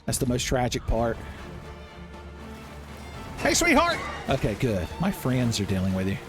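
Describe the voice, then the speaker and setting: A man giving loud, profane, joking commentary while playing a video game. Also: mid-range voice, brisk. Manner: loud, profane, jokey, yelling at enemies. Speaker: gaming streamer. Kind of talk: casual gameplay commentary. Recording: gameplay music behind voice.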